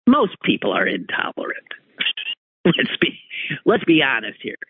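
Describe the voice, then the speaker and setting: Male talk host, slow and husky, opinion monologue over a tinny phone-like line. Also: a little high, wildly swooping pitch, no room sound. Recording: tinny phone-like radio audio.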